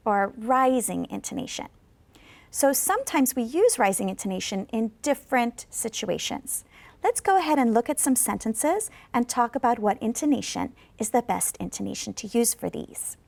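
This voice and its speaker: A woman teaching English to learners in a televised lesson, her fairly high voice carrying a gravelly edge. She is patient and encouraging, and she speaks example sentences slowly for the class to repeat. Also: lively intonation, no echo. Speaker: ESL teacher.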